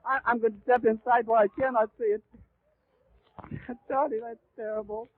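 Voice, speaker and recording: A man's voice: very high voice, level tone, moderate pace, a little hiss or hum. A distraught, breathless man giving live eyewitness radio commentary, stammering, crying out and repeating himself. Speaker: radio announcer. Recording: tinny, dry 1930s radio recording.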